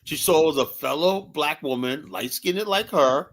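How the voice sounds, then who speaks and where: A man holds forth in a heated casual debate, his voice sitting a little high for a man. He rambles, swears freely and keeps checking in with 'right?' after nearly every sentence. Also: moderate pace, a bit bright. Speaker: panelist.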